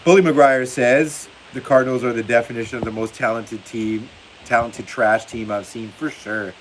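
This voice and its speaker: A man's voice: medium pitch, steady tone, moderate pace, poor audio. A man hosting a football livestream in casual chat, reading viewer comments aloud and laughing often. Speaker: livestream host. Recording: faint hiss behind the voice.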